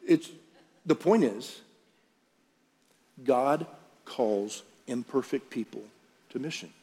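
A man's voice: mid-range voice, slow pace, dark tone, breathy edge. Man preaching in a reverberant hall. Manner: conversational preaching, asks the room questions. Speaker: pastor. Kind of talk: sermon. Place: large church auditorium. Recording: reverberant hall with faint music.

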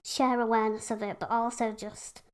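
A chatty woman from England, speaking openly as a podcast guest. Her voice sits a little high, and her talk is loose and full of fillers. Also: level tone, normal speed. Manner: chatty, frank, lots of fillers. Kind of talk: casual conversation.

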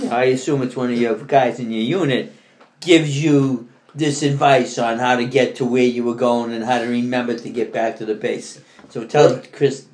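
A man's voice: mid-range voice, a little mellow. A man interviewing an older relative in a casual way. He prompts him to tell particular stories. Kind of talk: casual conversation.

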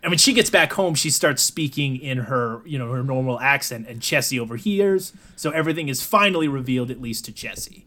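A man's voice: medium pitch, animated, brisk, few pauses, sharp tone. A man co-hosting a casual movie review chat, laid-back, swearing and tossing in "dude". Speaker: podcast co-host.

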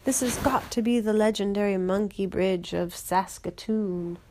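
A woman voicing a playful, cheeky male monkey in a bedtime story, speaking brightly and a little higher than her narration. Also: measured pace, slight background noise, lightly acted.

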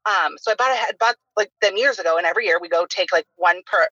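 Woman, 30s, podcast host, casual chat, rapid talk, lots of "like" fillers, dull lo-fi audio. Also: on the low side, pushed and bright, breathy edge, no room sound. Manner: chatty, heavy use of "like" fillers. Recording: dull lo-fi sound.

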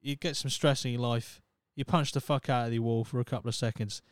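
A man's voice: medium pitch, steady tone, brisk, dry recording, studio quality. A man in his thirties with a Norfolk English accent, hosting a solo podcast in a rambling, swearing, self-mocking chat. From Norfolk, England. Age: 30s. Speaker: podcast host. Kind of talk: casual solo podcast monologue.

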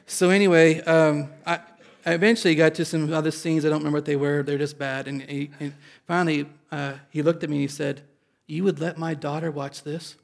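A male pastor from Indiana tells an audience a personal story. He is animated and self-deprecating, and his voice sits somewhat high. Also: fairly quick, gravelly.

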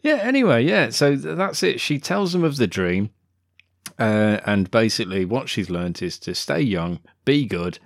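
A man's voice: mid-range voice, very animated, normal speed, no echo. A man co-hosting a podcast, retelling a film plot in a sweary, sarcastic casual chat. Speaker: podcast co-host.

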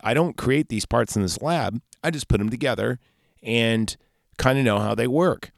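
A man's voice: medium pitch, moderate pace, creaky, dry recording, studio quality, lightly acted. A man voicing an eager, awkward male scientist inventor who rambles, stammers and pleads. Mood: explaining.

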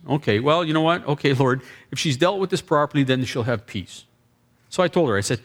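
Pastor guy telling a story in his sermon, slightly high voice, acts out all the back-and-forth. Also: moderate pace. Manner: animated storyteller acting out dialogue, chuckling.

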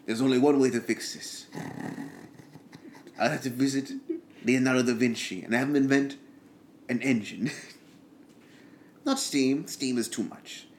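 A man's voice: medium pitch, measured pace, pauses often, slight background noise, lightly acted. A man voicing a bumbling, grumbling male wagon driver who rambles and mutters asides in his own plain voice.

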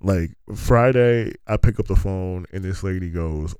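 A man's voice: low-pitched, normal speed, hardly any pauses, darkish tone, smooth, no room sound. A man telling stories in a loose, rambling monologue, laughing often and restarting his sentences.

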